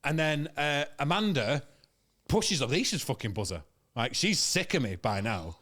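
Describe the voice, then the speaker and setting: A man, a comedian guest, telling a comic story in an animated, sweary way and laughing through it. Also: fairly high pitch, normal speed.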